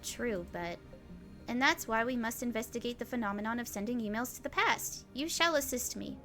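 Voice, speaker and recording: Brief: theatrical young mad scientist, read aloud by a woman, higher-pitched, faint music beneath. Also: normal speed, fairly bright tone. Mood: grandiose. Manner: theatrical, grandiose. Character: eccentric self-styled mad scientist, young man.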